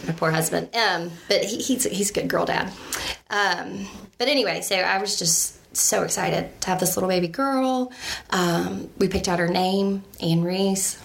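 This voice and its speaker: A woman's voice: medium pitch, creaky. A woman, telling her family story in a chatty, casual way, often laughing and saying um. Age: 30s.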